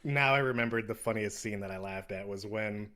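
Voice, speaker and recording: A man's voice: on the low side, fairly quick, pushed and bright. A young man co-hosting a podcast, laid-back and rambling, often chuckling as he retells scenes. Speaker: podcast co-host. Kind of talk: casual chat.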